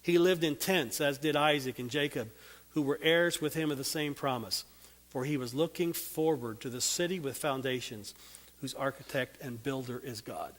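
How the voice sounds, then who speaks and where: An earnest man preaching a sermon, stretching out key words and sinking soft and low as he makes his appeal. His voice sits in a middle pitch and rings with a long reverb, as if in a large hall. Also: moderate pace. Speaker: Bible teacher. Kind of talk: sermon with prayer.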